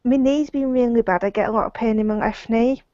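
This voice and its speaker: A woman's voice: fairly high pitch, brisk, warm tone, dry recording, lo-fi sound. A woman with a Yorkshire accent, chatting plainly as a caller on a video call. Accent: Yorkshire English. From Yorkshire, England. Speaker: caller seeking healing. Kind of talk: casual chat.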